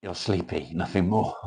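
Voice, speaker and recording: A man from Cheshire, England, speaks in a low-pitched, darkish voice, his accent a mix of northern English and South Welsh. He chats casually on a livestream, reading out comments, swearing freely and greeting viewers by name.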